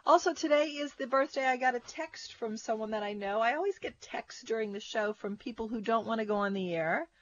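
A woman co-hosting a food radio show, chatting casually and stating opinions emphatically. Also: medium pitch. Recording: dull, lo-fi radio broadcast.

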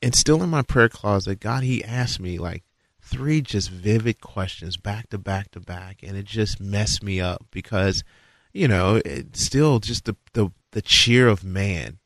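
Man telling a lively story, dry sound. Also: a little slow, dry recording. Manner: animated, acts out dialogue with rising pitch. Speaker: guest recalling his football career. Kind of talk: casual storytelling.

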